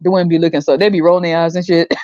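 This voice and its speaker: A woman's voice: on the low side, fairly even intonation, quick pace, darkish tone, no echo. Woman host, blunt and slangy, mocking tone; dry, slightly dull recording. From United States. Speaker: podcast host. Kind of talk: casual commentary.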